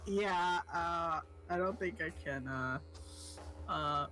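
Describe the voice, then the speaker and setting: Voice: medium pitch, slow, pushed and bright, poor audio. A stream guest chatting casually, bubbly and laughing a lot, rambling and cutting themselves off. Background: faint background music.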